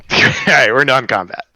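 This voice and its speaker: A game master narrating a tabletop game in a relaxed, stumbling way. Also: medium pitch, takes it slowly, vocal fry, no echo, rough recording.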